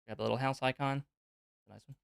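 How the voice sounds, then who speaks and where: A man hosting a live question-and-answer stream, talking loosely and thinking aloud with plenty of fillers. His voice is smooth and clear, at an average pitch, and it sounds dry, with no room echo. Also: steady tone, fairly quick. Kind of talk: casual live Q&A, explaining on screen.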